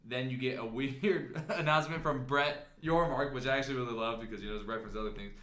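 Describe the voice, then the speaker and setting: An upbeat man co-hosting a casual sports podcast, his voice bright and forceful. He talks with energy and explains things at length. The room has a noticeable echo. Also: medium pitch, fast talker. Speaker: podcast co-host.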